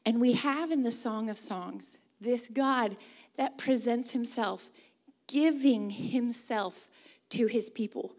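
A woman's voice: on the high side, takes it slowly, darkish tone. A woman from the Pacific Northwest preaching a sermon, earnest and leading the congregation in reading along. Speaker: guest preacher.

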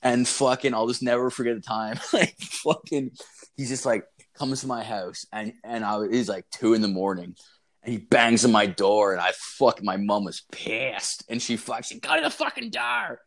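A man's voice: fairly low pitch, steady tone, normal speed. A young man co-hosting a podcast, telling rambling, profane stories in casual chat and laughing through them. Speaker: podcast co-host.

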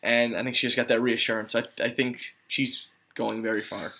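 A man's voice: medium pitch, fairly quick. A man co-hosting a podcast in casual chat, laughing often as he talks. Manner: giggly, relaxed, trailing off into laughs. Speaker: podcast co-host.

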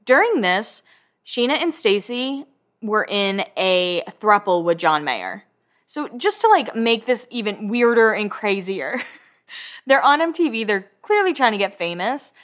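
A woman's voice: medium pitch, big pitch swings, a little slow, fairly bright tone. Young woman, podcast host, casual and gossipy, acts out the quotes. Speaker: podcast host recapping a reality show. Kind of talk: casual chat.

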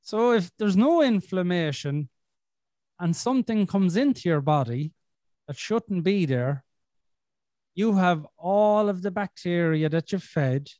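A man's voice: sits high, animated, a little slow, dark tone, no echo. A man hosting a podcast in casual chat, blunt and sweary with a self-deprecating streak. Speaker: podcast host.

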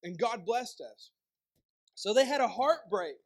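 A young pastor with a Southern East Tennessee accent and a strikingly high voice for a man. He preaches in a conversational way, tossing out rhetorical questions and quick joking asides to the congregation. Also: lively intonation. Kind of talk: sermon.

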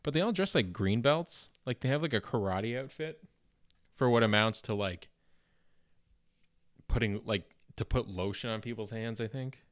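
A man's voice: medium pitch, moderate pace, long pauses, no room sound, studio quality. A young Canadian man with a Canadian accent hosting a comedy podcast, rambling through old notes with lots of fillers, restarts and self-deprecating asides. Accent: Canadian English. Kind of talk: casual rambling comedy monologue.

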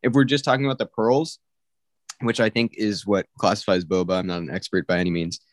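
Young cali guy with a low voice ranting hard on a podcast, dry close sound. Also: steady tone, a little fast, no echo. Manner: blunt, emphatic rants. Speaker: podcast co-host. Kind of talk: casual chat.

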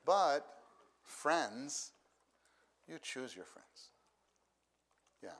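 A middle-aged man preaching a sermon, unhurried, who repeats key phrases for emphasis. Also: on the high side, very animated, fairly bright tone.

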